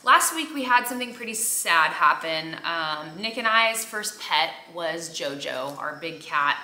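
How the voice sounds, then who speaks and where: A woman's voice: low-pitched, expressive, unhurried, sharp tone. A young woman vlogger chatting casually while folding laundry at home, rambling with lots of fillers and sounding tired. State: tired and subdued. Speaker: mom vlogger. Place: home room. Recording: echoey room.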